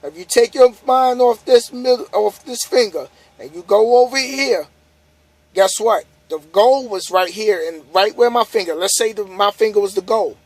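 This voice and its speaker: A man's voice: high voice, normal speed, no echo. A tired man, a trucker vlogger, giving a casual, repetitive motivational monologue to the camera. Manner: casual, repetitive, preachy, building up emphasis. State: tired, yawning.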